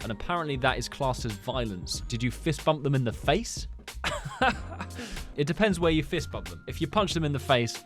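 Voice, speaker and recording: A young man reading out comments and reacting to them in a casual, sarcastic way, often laughing. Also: mid-range voice. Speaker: host.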